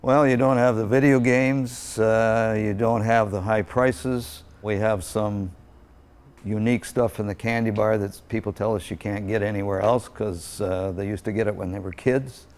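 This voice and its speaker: A man's voice: on the low side, fairly even intonation, normal speed, a little mellow, smooth. A middle-aged man who owns a small-town movie theater, talking plainly and folksily in an interview. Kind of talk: casual interview.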